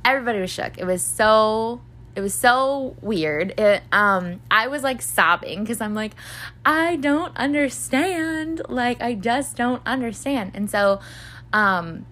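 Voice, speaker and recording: A woman's voice: mid-range voice, moderate pace, a bit bright. Rambling young woman telling a story. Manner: rambling, filler-heavy, swears freely, acts out voices of others. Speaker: podcast host. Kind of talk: casual storytelling monologue.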